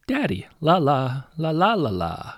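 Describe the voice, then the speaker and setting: A man voicing a small mermaid girl who calls out in a high, singsong, childlike way. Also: wildly swooping pitch, a little slow, dry recording, studio quality, heavily acted.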